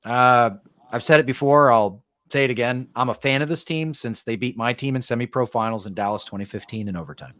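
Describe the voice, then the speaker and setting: A man talking paintball on a podcast panel, analyzing teams in a relaxed, conversational way. He fills pauses often and tags lines with "right?". The recording is dry and close, with no room sound. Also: mid-range voice, no echo. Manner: conversational, tag questions, frequent fillers. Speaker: paintball coach and show panelist.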